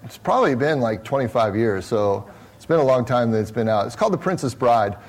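A man's voice: mid-range voice, expressive, brisk. A man preaching a sermon in a small church, talking casually and conversationally with many repeated restarts. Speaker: pastor.

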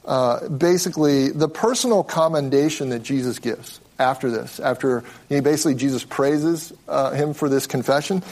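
A man teaching a Bible study in a relaxed, conversational way, explaining as he goes and often restarting his sentences. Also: on the high side.

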